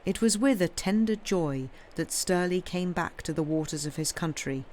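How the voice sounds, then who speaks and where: A woman reading a novel aloud on a livestream in a steady, measured storytelling way. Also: fairly low pitch. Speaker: reader.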